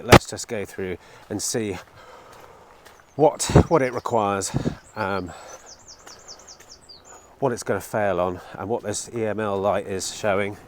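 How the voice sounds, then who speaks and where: A man's voice: lowish voice, noisy background. A middle-aged man with a cold, sounding a bit chesty, chatting casually to camera in a rambling, matter-of-fact way with restarts and the odd swear word. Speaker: used car dealer vlogger. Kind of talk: casual vlog chat to camera.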